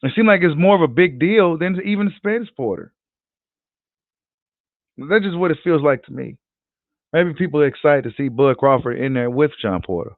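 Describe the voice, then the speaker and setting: Animated profane man on a tinny line. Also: a little high, moderate pace, pauses often, no echo. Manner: animated, profane, slangy, repeats himself. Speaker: boxing channel host. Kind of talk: casual livestream chat reading comments. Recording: tinny phone-like audio.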